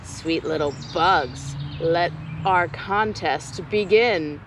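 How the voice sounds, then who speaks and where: Woman putting on a sneaky spider judge guy, low slow purr, storybook villain. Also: noisy background. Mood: sly menace. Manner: low sly drawl. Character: sly hungry male spider judge.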